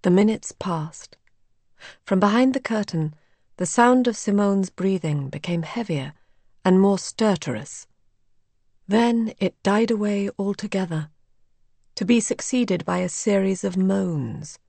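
A woman narrating a story in a measured, even way. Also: medium pitch, gravelly, dry recording.

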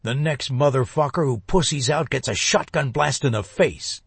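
A man's voice: on the high side, very animated, normal speed, vocal fry, slightly rough, dry recording, voice pushed up, full character voice. A man voicing a hot-tempered young thug leader, barking orders in a raised, snarling voice. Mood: angry. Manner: snarling, aggressive.

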